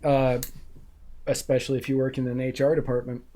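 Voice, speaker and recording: A man's voice: mid-range voice, little pitch movement, brisk, dark tone. A man co-hosting a podcast, chatting casually about the news and laughing often. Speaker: podcast co-host. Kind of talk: casual political banter.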